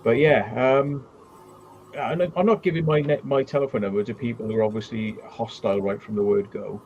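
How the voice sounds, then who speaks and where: A man's voice: mid-range voice, fairly even intonation, brisk, a little mellow, lo-fi sound, a little hiss or hum. A man hosting a casual live-stream chat. He tells stories bluntly and swears a lot. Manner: blunt storyteller with heavy swearing. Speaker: channel host.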